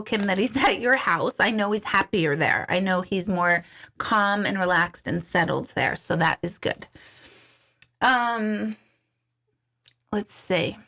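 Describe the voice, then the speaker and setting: A middle-aged woman hosts a casual livestream and chats with her viewers. Her voice is bright and forceful, and she talks in a chatty, giggly way, often restarting her sentences. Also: mid-range voice. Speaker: intuitive coach hosting a livestream. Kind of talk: casual live chat reading viewer comments.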